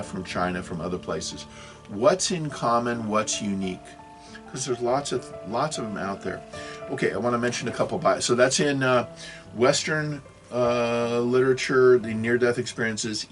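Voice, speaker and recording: A man in his sixties giving a rambling video lecture, often losing his thread and apologizing. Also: lowish voice. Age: 60s. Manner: rambling, self-correcting, apologetic asides. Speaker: religious video teacher.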